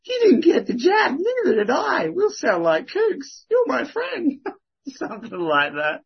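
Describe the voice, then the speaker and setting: A man's voice: medium pitch, breathy edge, highs cut off. A man sharing earnest, rambling faith stories in casual chat, with frequent restarts. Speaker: Christian sharing witnessing stories.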